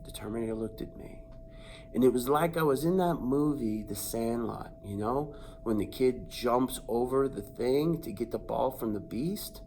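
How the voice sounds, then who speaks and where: A man's voice: mid-range voice, normal speed, a little hiss or hum. A man telling a comic personal anecdote, acting out sounds and voices and building suspense. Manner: animated, acts out sounds and voices. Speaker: storyteller.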